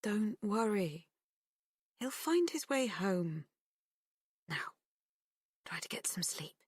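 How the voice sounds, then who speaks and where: A woman doing a hushed, gentle mother. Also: mid-range voice, sing-song, takes it slowly, husky, no echo, clean studio sound, voice pushed up, full character voice. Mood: comforting. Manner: soft, hushed, half-whispered. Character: gentle comforting mother at bedside.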